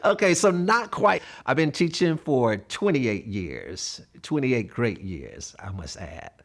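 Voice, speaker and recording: A man's voice: medium pitch, big pitch swings, slow pace. A man in his fifties, a math coach, telling stories in an interview in an earnest way and acting out the dialogue. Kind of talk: interview storytelling.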